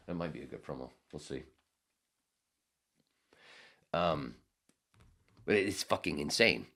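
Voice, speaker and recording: Deep gravelly-voiced man ranting. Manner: profane, rambling, animated, acts out voices. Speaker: podcast host. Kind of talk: casual podcast rant.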